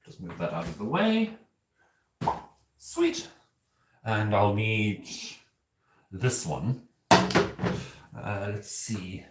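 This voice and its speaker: Using a fairly low, full character voice, a cosplay streamer becomes a flamboyant, aristocratic male owl demon prince for an in-character cooking livestream. Campy, theatrical, and giggly, he calls chat "darling" from an apartment kitchen that sounds echoey and has background noise.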